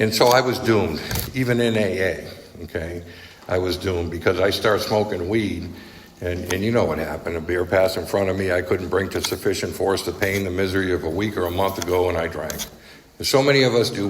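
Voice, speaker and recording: A man speaking at a recovery meeting, telling his story bluntly and conversationally, often checking in with "right?" and "okay?". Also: sits low. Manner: conversational storytelling, frequent tag questions, blunt. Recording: echoey hall with faint noise.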